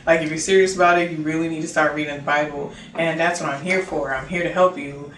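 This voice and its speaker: A young woman of Haitian origin telling a personal story in casual, animated talk, full of fillers and quoted dialogue. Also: low-pitched, fast talker. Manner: animated, filler-heavy, quoting herself and others. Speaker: interview guest. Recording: roomy echo, distant mic, faint noise.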